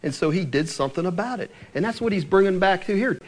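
A man's voice: sits high, expressive, quick pace, few pauses. A man preaching in a conversational Bible-teaching style, explaining verse by verse, asking his listeners questions and chuckling now and then.

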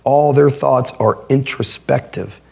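Male pastor preaching a sermon, kinda raspy husky voice, talks emphatic but casual. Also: mid-range voice, slow, a little mellow.

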